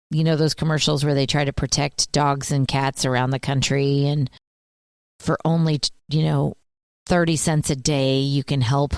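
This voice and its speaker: A woman's voice: low-pitched, moderate pace, no echo, studio quality. A woman in her thirties co-hosting a radio show, telling stories in casual banter and acting out the quotes. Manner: animated storyteller, acts out quotes.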